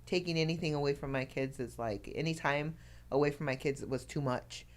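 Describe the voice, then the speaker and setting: A woman's voice: low-pitched, fairly quick. A middle-aged woman chatting on a live talk show, telling heartfelt, rambling stories full of fillers. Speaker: talk show co-host or guest.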